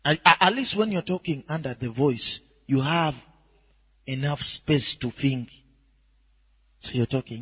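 A man preaching a sermon with lively swings from quiet asides to shouts, often asking if the crowd is with him. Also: fairly high pitch, normal speed, long pauses, slightly rough. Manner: animated, rising to shouts, asks "are you with me?". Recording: dull echoey hall recording.

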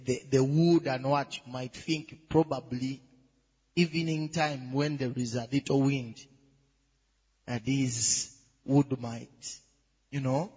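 Slow-speaking male preacher in a hall. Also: slightly rough. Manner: builds from low and measured to loud, high exclamations. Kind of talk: sermon. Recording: dull sound in a reverberant hall with faint music.

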